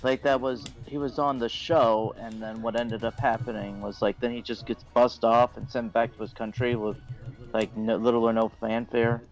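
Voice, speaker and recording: A man's voice: medium pitch, level tone, moderate pace, faint music behind, poor audio. A man in casual group talk on a live stream, rambling and hesitant as he makes his points. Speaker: stream participant.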